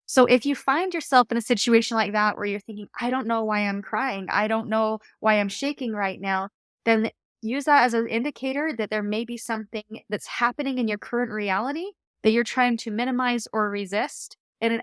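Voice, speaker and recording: A woman podcast host and coach giving calm, earnest, reflective advice in a solo talk. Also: a little high, no room sound, clean studio sound. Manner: calm, earnest, coaching tone with occasional light laughs.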